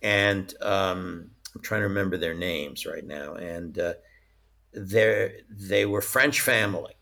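Low, bright-voiced man telling stories. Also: takes it slowly, gravelly. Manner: chatty, laughs often mid-story. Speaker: interview guest, former studio licensing executive. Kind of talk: casual anecdotal storytelling.

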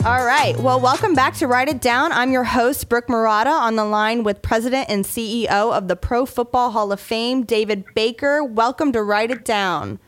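A woman's voice: a little high, moderate pace, few pauses, fairly bright tone, faint music behind. A woman hosting an interview in an upbeat, eager way. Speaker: podcast host.

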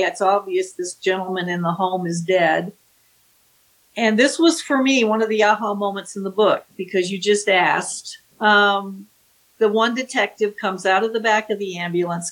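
A woman's voice: medium pitch, rough recording. A woman, an author, recounting a true crime case in a vivid, dramatic way, acting out the quotes. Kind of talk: storytelling with acted-out quotes.

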